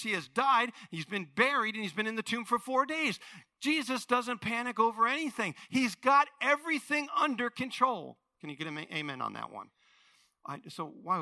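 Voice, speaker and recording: A male pastor preaching a sermon, telling a story with animated voices and swinging from hushed to loud. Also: high voice, dry recording.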